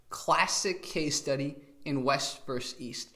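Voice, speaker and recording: A man giving excitable, animated reaction commentary on a video clip. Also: sits high, normal speed, faint music behind.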